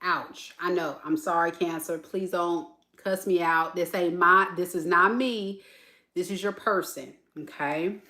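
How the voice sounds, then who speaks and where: A woman doing a casual tarot reading for viewers, chatty and animated, calling them "y'all.". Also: lowish voice, unhurried. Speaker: tarot reader.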